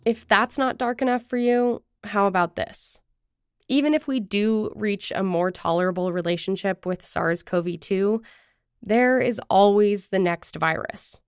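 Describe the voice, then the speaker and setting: A woman host delivering scripted narration with a clear, polished manner. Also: mid-range voice, no room sound, studio quality. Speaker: podcast host.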